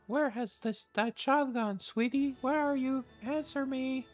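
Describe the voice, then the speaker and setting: A man's voice: extremely high pitch, measured pace, soft background music, pitched above the performer's own voice. A man voicing a prim, apologetic mother in a raised voice with an odd made-up accent. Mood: searching. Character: fussy apologetic young mother.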